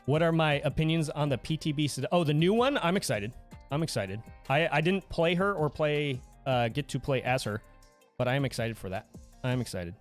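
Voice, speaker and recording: A man's voice: a little high, brisk, faint music behind. A man hosting a casual livestream, chatting goofily with viewers and laughing often. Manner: goofy, animated, reads chat aloud and laughs often. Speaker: livestream host.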